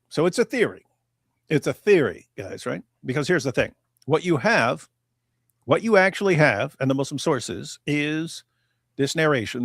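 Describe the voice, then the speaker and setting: A man's voice: mid-range voice, no echo, clean studio sound. A man co-hosting a casual livestream chat, telling stories with laughs and mocking asides. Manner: animated storyteller, laughing, slips into mocking voices. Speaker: co-host.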